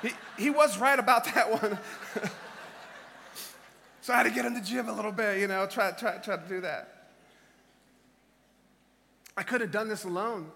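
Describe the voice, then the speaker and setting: Middle-aged male preacher, very high sharp voice, passionate shouted exhortations, echoing hall. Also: normal speed, creaky, long pauses, slight background noise. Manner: impassioned, shouting exhortations with chuckles. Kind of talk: sermon. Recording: reverberant hall.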